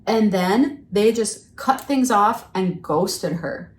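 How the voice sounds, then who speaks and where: A middle-aged woman chatting earnestly as a podcast guest, explaining at length with lively asides. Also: mid-range voice, slow pace, slight background noise. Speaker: podcast guest, friendship workshop leader. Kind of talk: casual conversational chat. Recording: roomy and a bit far from the mic.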